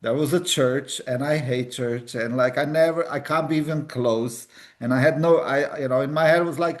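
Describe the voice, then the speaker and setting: A man's voice: medium pitch, a little slow. A man hosting a casual interview, talking loosely with lots of fillers. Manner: loose, filler-heavy chat. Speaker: host.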